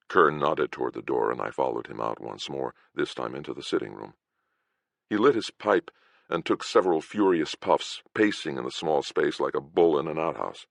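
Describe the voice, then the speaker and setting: A man's voice: extremely low pitch, creaky, dry recording. A man reading a fantasy detective novel aloud in a dry, wry first-person narration. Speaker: audiobook narrator.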